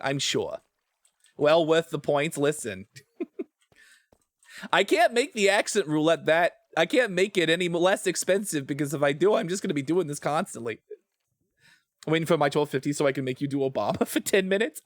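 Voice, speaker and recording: A male streamer chatting casually with his viewers as he plays. He rambles, trails off mid-sentence and laughs easily. His voice sits fairly high and sounds close and dry. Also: very animated, normal speed, dry recording. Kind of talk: casual gaming stream chat.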